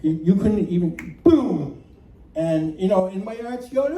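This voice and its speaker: A man telling a comic true story at a live storytelling night, animated and self-mocking, often laughing as he talks. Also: high-pitched, moderate pace. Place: community center room. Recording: echoey room from far off, faint noise.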